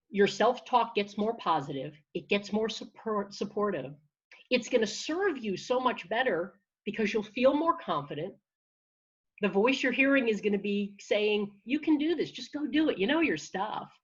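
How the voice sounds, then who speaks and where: A woman who works as a confidence and public speaking coach, talking in an energetic, encouraging way with frequent restarts, heard over a video call. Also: medium pitch, husky, dull audio. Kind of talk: conversational interview answer.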